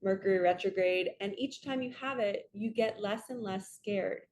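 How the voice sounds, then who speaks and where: A woman's voice: mid-range voice, moderate pace, slight background noise. Woman spiritual coach talking straight to camera, earnest and chatty, keeps saying right?. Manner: earnest, chatty, frequent "right?" check-ins; animated storytelling with acted quotes. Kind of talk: spiritual reading monologue.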